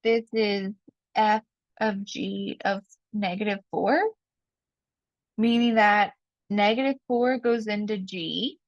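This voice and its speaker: A woman's voice: mid-range voice, steady tone, slow, long pauses, no room sound. A woman teaches a math lesson on video, walking through each step aloud. She poses questions and answers them herself, and she repeats the key rules. Her voice sits mid-range, and the recording sounds dull and dry.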